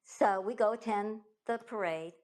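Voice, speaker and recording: A woman's voice: mid-range voice, a little slow, darkish tone. A woman with a Southern US accent, a guest in an interview, telling events emphatically and often restarting her sentences. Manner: emphatic, restarts and repeats herself. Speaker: guest, author. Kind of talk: conversational interview storytelling.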